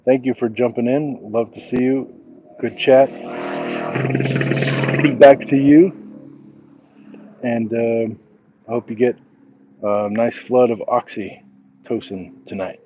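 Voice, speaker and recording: A man's voice: medium pitch, fairly even intonation, measured pace, mellow, lo-fi sound, slight background noise. A middle-aged man walking outdoors at night, chatting casually on a livestream and reading viewer comments aloud in a laid-back, chuckling way. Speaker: livestream host. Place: outdoors at night, crickets around.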